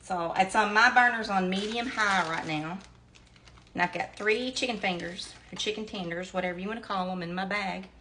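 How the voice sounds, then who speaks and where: A chatty, down-to-earth Southern woman in middle age leads a home cooking demo, talking to viewers as y'all. Her voice is medium-pitched, bright and forceful, at a moderate pace, with oil frying and slight background noise.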